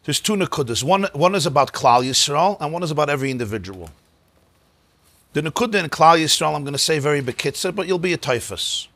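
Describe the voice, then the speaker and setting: Male rabbi lecturing in a synagogue; bright, husky tone, emphatic, repeats key words, sprinkles in Hebrew and Yiddish. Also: a little high, lively intonation, fast, dry recording. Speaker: rabbi teaching a class. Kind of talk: lecture on mystical texts.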